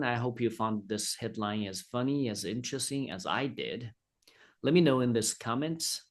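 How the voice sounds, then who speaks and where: A man from China with a fairly low voice gives a casual, friendly online Chinese lesson. He's chatty, slowing down whenever he says the Chinese words.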